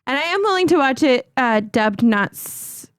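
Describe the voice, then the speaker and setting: A woman's voice: high-pitched, lively intonation, moderate pace, smooth, no room sound, studio quality. A woman co-hosting a podcast in casual chat, teasing and bantering flirtatiously. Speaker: podcast co-host.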